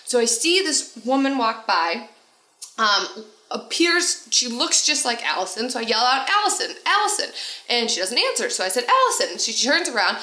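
A woman's voice: a little high, moderate pace, roomy sound, rough recording. A woman co-hosting a podcast, telling a story in casual chat and acting out what others said. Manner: animated storyteller acting out quotes. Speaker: podcast co-host.

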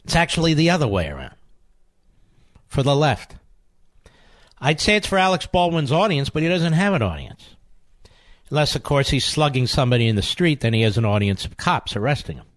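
A man's voice: mid-range voice, very animated, moderate pace, long pauses, no room sound, studio quality. A man hosting talk radio, delivering a combative monologue, mocking and sarcastic, hammering his insults through repetition. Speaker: radio talk show host. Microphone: studio microphone.

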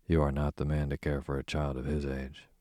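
A man reading as a skeptical gentleman friend. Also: extremely low pitch, monotone, fairly quick, no echo, clean studio sound. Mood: doubtful. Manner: quiet, incredulous questioning.

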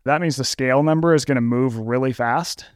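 A man explains things as an interview guest in a loose, filler-heavy way. His voice is smooth and resonant, recorded dry and close. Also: medium pitch, fairly quick, no room sound. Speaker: expert guest. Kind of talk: interview answers.

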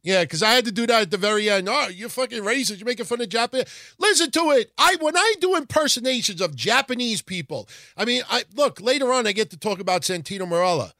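Guy doing a wrestling history show, talks loose and swears a lot, kinda high voice, dead dry mic. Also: fast talker, hardly any pauses, no echo. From Italian heritage. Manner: rambling, profane, animated retelling. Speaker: podcast host. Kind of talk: casual wrestling history podcast.

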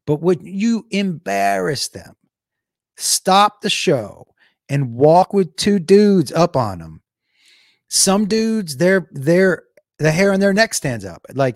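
A man's voice: sits high, big pitch swings, slow pace, dry recording, clean studio sound. A male comedian telling a profane, digressive story in a casual chat with viewers. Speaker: comedian and show host.

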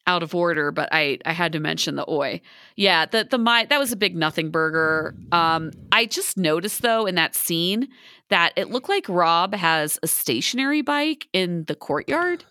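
A woman's voice: fairly low pitch, lively intonation, moderate pace, pushed and bright, clear, resonant tone, dry recording, clean studio sound. A woman co-hosting a podcast, chatting casually about a TV episode with lots of fillers and giggles. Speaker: podcast co-host. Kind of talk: casual recap chat.

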